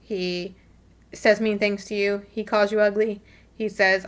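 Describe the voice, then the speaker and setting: A woman's voice: medium pitch, flat delivery, measured pace. A young adult woman vlogging in a casual, chatty way, swearing freely and acting out quoted voices as she coaches her viewers. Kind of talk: casual talk to camera.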